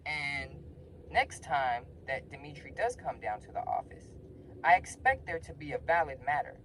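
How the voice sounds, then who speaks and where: A man voicing a stern middle-aged male school principal who speaks in a firm, measured, formal way. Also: on the high side, animated, a bit bright, slight background noise, poor audio.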